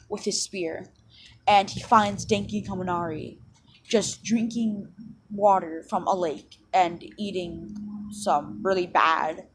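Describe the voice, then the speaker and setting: A woman's voice: on the low side, a little hiss or hum. A woman casually retelling a fan story she made up, rambling with lots of fillers and repeats.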